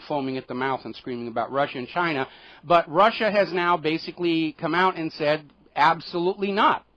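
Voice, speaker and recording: A man's voice: a little high, no room sound, dull audio. A middle-aged American man hosting a radio talk show, editorializing solo with an indignant, sardonic manner.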